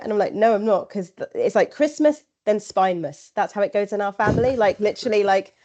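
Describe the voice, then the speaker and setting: A woman's voice: mid-range voice, normal speed, darkish tone. A woman, a podcast guest chatting casually, rambling with lots of fillers and quoted asides. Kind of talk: casual interview chat. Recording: slightly dull lo-fi audio.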